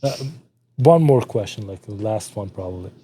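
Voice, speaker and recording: A man co-hosting a podcast, asking halting questions with restarts and short reactions. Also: fairly low pitch, lively intonation, mellow. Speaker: podcast co-host. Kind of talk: interview host asking questions.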